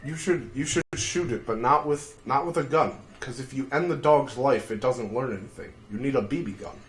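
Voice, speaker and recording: A young man hosting a casual livestream, telling rambling, profane stories full of dark jokes. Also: medium pitch, normal speed. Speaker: livestream host.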